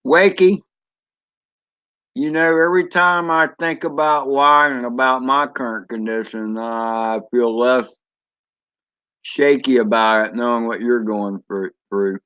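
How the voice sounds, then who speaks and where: A man's voice: medium pitch, steady tone, a little slow, sharp tone, clean tone, muffled recording. A man chatting casually on a drone hobby live stream, rambling and answering viewers as he goes. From Florida. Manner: rambling, chatty, reads chat aloud.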